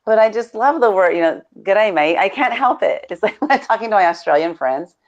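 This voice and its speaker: A woman's voice: mid-range voice, expressive, fast, highs cut off. A woman from the United States co-hosting a live video show, telling stories in a bubbly way with frequent laughs. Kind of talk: casual live-stream chat.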